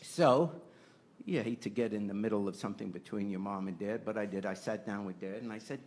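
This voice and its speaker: A man's voice: on the low side, a little fast, darkish tone. An older man, a podcast host, telling a personal family story and growing impassioned as he argues his point. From United States. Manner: earnest, rising to impassioned.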